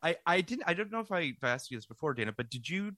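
A man's voice: a little high, fast, no echo, clean studio sound. A man co-hosting a podcast, chatting casually and rambling with lots of fillers. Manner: rambling, animated, many fillers. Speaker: podcast co-host. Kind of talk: casual chat.

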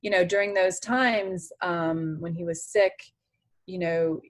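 A woman's voice: fairly low pitch, steady tone, slow pace. A woman in her forties, a guest on an interview podcast, speaking earnestly and from the heart with many "you know"s. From France. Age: 40s. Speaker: interview guest, former tennis champion.

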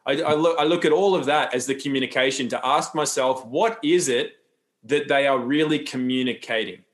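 A man's voice: mid-range voice, fairly quick. A man talking as a podcast guest, loose and rambling, with frequent restarts and asides. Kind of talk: casual interview talk.

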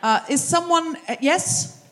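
A woman hosting a live comedy show on a theatre stage, teasing the audience with quick asides. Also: very high voice, a little hiss or hum. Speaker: comedy podcast host. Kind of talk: live stand-up crowd work.

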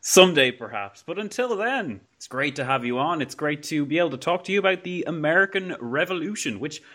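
Bright-voiced Irish podcast host. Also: male voice, on the high side, lively intonation, brisk. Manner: chatty, laughs often, rambling restarts. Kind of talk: casual podcast interview. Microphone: video call.

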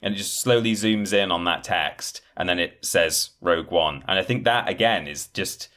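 A man's voice: sits low, moderate pace, a bit bright. A man in casual podcast chat, rambling with many fillers and acting out quoted lines. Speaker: podcast guest discussing game trailers.

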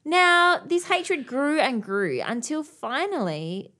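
A woman's voice: sits high, very animated, takes it slowly, bright, forceful tone. A woman co-hosting a podcast, telling a history story in a casual, jokey way.

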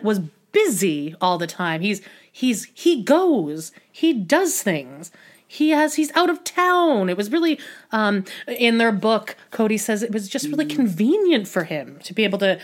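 A woman's voice: medium pitch, fairly bright tone. A woman hosting a solo podcast, recapping casually and rambling with lots of filler words, restarts and wry asides. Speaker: podcast host recapping a reality show.

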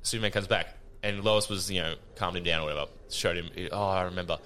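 Bright-voiced man, laughing, sweary. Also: deep voice, fast, slight background noise. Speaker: podcast host. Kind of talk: casual chat.

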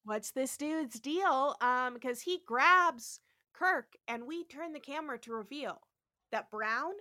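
A woman co-hosts a podcast, retelling the plot in lively, cheeky casual chat. Her voice sits high and sounds bright and forward. The recording is close and very dry. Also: slow, dry recording. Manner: animated, playfully profane storytelling. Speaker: podcast co-host. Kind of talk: casual episode recap chat.

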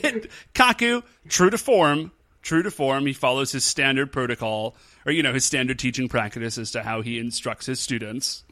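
A medium-pitched man at a moderate pace helps host a podcast. He's lively and jokey, laughing as he casually goes over what happened in a TV episode.

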